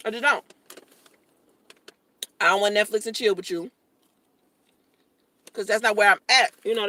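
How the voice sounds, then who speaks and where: A woman's voice: on the high side, a bit bright. A young woman vlogging casually from her parked car while eating, chatty and joking, talking with her mouth full.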